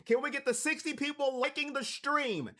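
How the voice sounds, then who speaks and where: A man's voice: very high-pitched, normal speed. A man from Cleveland hosting a live watch party stream, calling plays and talking to his chat. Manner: hypes chat, shouts on big plays.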